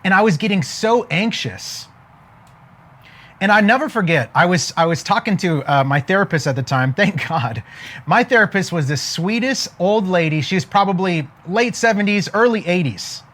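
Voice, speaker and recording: Fired-up motivational man, higher voice. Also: moderate pace. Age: 40s. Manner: energetic, emphatic, fires rhetorical questions at listeners. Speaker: motivational speaker. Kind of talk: motivational talk to an audience.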